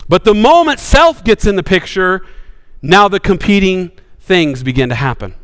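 Impassioned preacher man, high and lively. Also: moderate pace, big-room sound. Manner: impassioned preaching with sweeping rises and sudden hushed drops. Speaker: pastor. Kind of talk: sermon.

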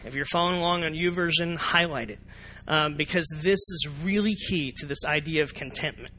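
A man preaches a sermon from the front of a church. His voice sits a little high and sounds bright and forward. He keeps things lively, putting questions to the congregation and acting out their reactions. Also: brisk, slight background noise. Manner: animated, asks the congregation questions, acts out reactions. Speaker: pastor. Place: church sanctuary.

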